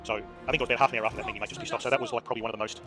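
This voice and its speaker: An Australian man spins a rambling, swear-laden yarn at a breakneck clip. His pitch sits in an ordinary middle range. Game music plays clearly under his voice. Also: steady tone, racing. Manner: rambling, swears freely, many fillers. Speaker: streamer. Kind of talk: casual storytelling while gaming.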